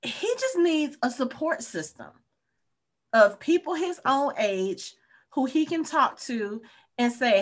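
A woman's voice: medium pitch, moderate pace. A woman co-hosting a casual podcast about a TV show, talking it through with friends and acting out characters' lines as she goes. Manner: animated, acts out characters' lines. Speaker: podcast co-host.

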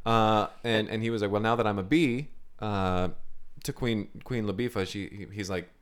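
A man's voice: on the low side, fairly even intonation, normal speed, smooth. A man co-hosting a comedy podcast who jumps in with jokes and exaggerated character voices. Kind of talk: improvised comedic storytelling.

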